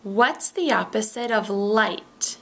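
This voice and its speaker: A woman leads a pronunciation drill at a very unhurried pace. She says each word slowly and clearly, then says it again. A gravelly edge sits under her mid-range voice. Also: mid-range voice, expressive, a bit bright. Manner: models words carefully, repeating each one. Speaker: pronunciation teacher. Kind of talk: slow, deliberate pronunciation drill.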